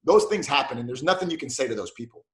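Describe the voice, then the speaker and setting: A man who is both a police officer and a martial arts black belt tells animated stories in a casual interview, acting out the dialogue as he goes. He talks fast at a medium pitch, and the sound is reverberant.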